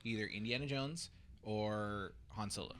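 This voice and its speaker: A man hosting a casual podcast chat in a relaxed way, steering the talk to the next topic. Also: lowish voice, a little slow. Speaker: podcast host.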